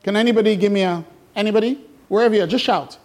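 High-voiced chatty male pastor. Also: racing. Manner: chatty, jokey, asks the congregation questions. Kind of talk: interactive sermon. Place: church hall with congregation.

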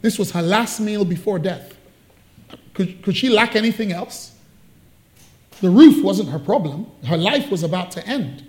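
A man's voice: high voice, darkish tone. A man preaching a sermon, telling a story with playful asides and jokes.

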